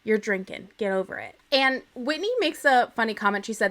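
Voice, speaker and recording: Bright, chatty young woman recapping TV. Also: on the high side, expressive, a little fast, hardly any pauses. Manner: chatty, opinionated, playfully dramatic. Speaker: podcast host. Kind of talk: casual TV recap.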